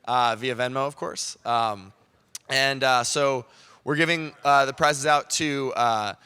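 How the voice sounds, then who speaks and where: Hesitant man with a smooth voice. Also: medium pitch, slow, bright, forceful tone. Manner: hesitant, many fillers. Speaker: sponsor representative announcing prizes. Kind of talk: speech to a crowd.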